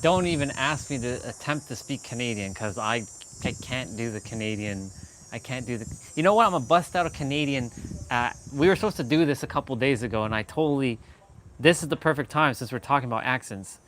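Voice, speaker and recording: A man's voice: mid-range voice, animated, fairly quick, fairly bright tone, slight background noise. A man hosting a casual live stream, rambling and correcting himself as he goes. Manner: rambling, self-correcting, laughs a lot.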